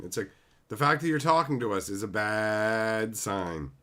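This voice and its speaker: A man's voice: fairly low pitch, expressive, a little slow, bright, forceful tone. A man hosting a livestream, ranting in a casual, profane and mocking way. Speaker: livestream host.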